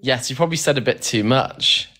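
A man's voice: medium pitch, fairly quick, sharp tone. A man co-hosting a casual live stream, chatty and amused, reading out comments and calling his partner darling.

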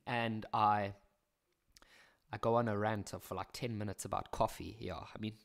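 Chatty South African maths teacher. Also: male voice, fairly low pitch, steady tone, normal speed, creaky. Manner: chatty, jokey, self-mocking asides. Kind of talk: casual maths exam walkthrough.

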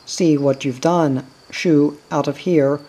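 A reader gently putting on a spirited young Amish farm girl in a storybook reading, unhurried and soft in tone. She sounds bossy yet fond of the animals around her, with turns of phrase. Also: mid-range voice, steady tone. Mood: scolding.

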